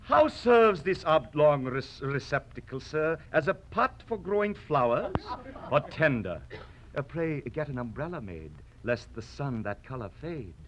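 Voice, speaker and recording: A man's voice: a little high, very animated, unhurried, fairly bright tone, a little hiss or hum. An actor playing a proud, mocking poet swordsman with a huge nose, declaiming in theatrical old radio-drama style. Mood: witty. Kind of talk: vintage radio drama acting.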